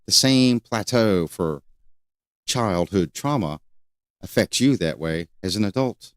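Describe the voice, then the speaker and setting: An older man hosting a solo talk show, rambling and repeating questions with many pauses. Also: fairly low pitch, animated, dry recording, studio quality. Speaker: host.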